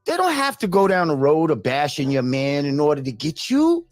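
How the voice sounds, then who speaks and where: A man hosting a live stream, reading viewer comments and ranting with heavy profanity, jumping between loud outbursts and low mutters. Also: moderate pace, no echo, soft background music. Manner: animated, swings between loud rants and mutters. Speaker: livestream host reading chat.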